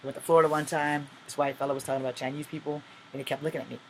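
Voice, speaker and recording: A man's voice: a little high, level tone, very fast, slight background noise, rough recording. A man in his forties from the United States rants to camera in a blunt, profane, rambling way. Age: 40s. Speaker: vlogger. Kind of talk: ranting monologue to camera. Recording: air conditioner humming behind.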